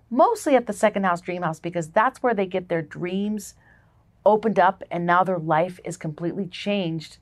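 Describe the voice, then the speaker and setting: A woman's voice: on the low side, no room sound. A woman hosting a faith show, talking casually and emphatically as she opens a Bible study. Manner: warm and chatty, emphatic lists. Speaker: podcast host and ministry founder.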